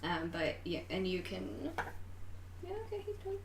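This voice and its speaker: A woman's voice: on the low side, sing-song, moderate pace, recorded from a distance. A woman game master describing the scene in a hesitant, giggly way, full of ums and restarts. She sits a little back from the mic in an echoey room with a faint hiss. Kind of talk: narrating a tabletop game.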